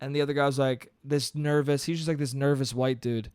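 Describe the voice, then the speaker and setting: A man hosting a podcast who delivers an animated, comedic storytelling monologue, swearing freely and calling the listener "dude". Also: mid-range voice, brisk, smooth, no room sound. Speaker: podcast host.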